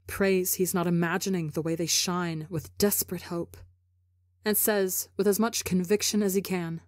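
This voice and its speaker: A woman narrating a fan fiction audiobook in a soft, measured storytelling manner. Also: fairly low pitch, steady tone, no echo, clean studio sound. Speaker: podcast reader.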